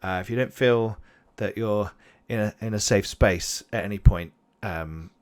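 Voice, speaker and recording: A man with a low voice voicing a nervous, overly polite male alien guide who rambles and hesitates in a tabletop game. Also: unhurried, clear, resonant tone, lightly acted. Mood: apologetic.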